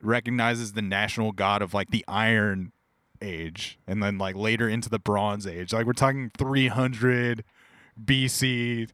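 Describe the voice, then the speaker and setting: Laid-back low-voiced podcast co-host man. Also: level tone, a little slow, fairly bright tone, dry recording. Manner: laid-back, lots of "like" and "dude", laughs easily. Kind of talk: casual chat.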